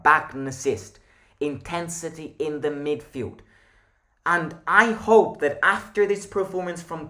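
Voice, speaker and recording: Emphatic young man, lively pitch. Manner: opinionated, emphatic, blunt. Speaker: football channel host. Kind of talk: match reaction monologue.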